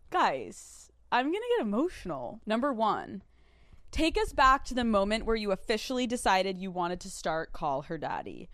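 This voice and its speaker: A young woman hosting a podcast in casual chat, excitable and talkative, peppered with "like" fillers and the odd curse. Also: mid-range voice, no room sound, studio quality. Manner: excitable and chatty, full of "like" fillers; swears casually. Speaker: podcast host.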